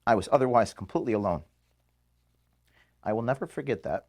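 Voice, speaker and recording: Man in his thirties, office farewell to staff, halting, mid pitch, filmed in the room. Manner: halting, emotional, pauses and restarts. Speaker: organization founder addressing staff. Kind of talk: emotional farewell speech. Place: office, indoors.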